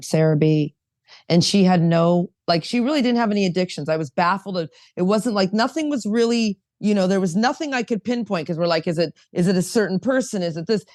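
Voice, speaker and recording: A woman talks openly at a recovery roundtable, earnest and emphatic, circling back and repeating herself. Her voice sits a little low, and the sound is dry and close to the mic. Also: darkish tone, no room sound. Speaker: roundtable participant, sponsor. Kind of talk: casual recovery-meeting sharing.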